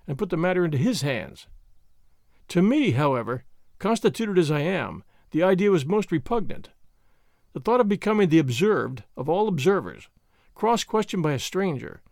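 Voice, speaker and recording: Man, audiobook narrator, first-person story, expressive, high voice, dry sound. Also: no echo.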